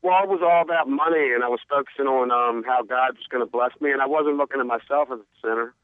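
A man's voice: medium pitch, quick pace, no echo. A man calling in to a radio show, speaking sincerely and hesitantly. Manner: hesitant, sincere, lots of ums. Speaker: caller. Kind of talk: call-in phone conversation. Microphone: telephone. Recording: tinny phone line.

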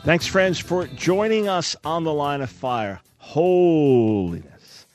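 A man's voice: on the high side, expressive, measured pace, no room sound, faint music behind. A man hosting a radio talk show, teaching the Bible emphatically and asking listeners rhetorical questions.

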